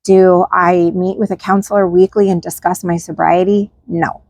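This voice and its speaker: Frank, chatty woman with a low voice. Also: flat delivery, moderate pace, a little mellow, no echo, studio quality. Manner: candid and frank, peppered with "like" and "right?". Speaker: channel host. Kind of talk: casual chat to camera.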